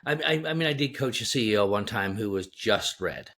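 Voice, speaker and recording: A man's voice: on the low side, a little fast. Middle-aged man telling emphatic anecdotes. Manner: emphatic, animated anecdotes with many restarts. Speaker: executive coach, guest. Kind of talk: conversational storytelling.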